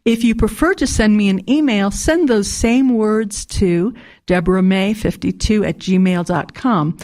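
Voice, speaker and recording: A woman hosting a community radio program, earnestly asking listeners to get in touch and spelling out contact details slowly and deliberately. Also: medium pitch, a little mellow. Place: radio studio.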